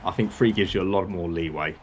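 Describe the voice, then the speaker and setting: A man's voice: low-pitched, fast, a little hiss or hum. Dry, teasing male co-commentator. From Britain. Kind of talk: casual match commentary.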